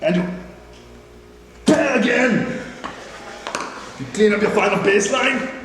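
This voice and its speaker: Playful high-voiced man in echoey workshop. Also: animated, slow pace. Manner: playful mock-macho humor. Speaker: woodworking instructor. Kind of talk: hands-on workshop demonstration. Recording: echoey hall with background noise.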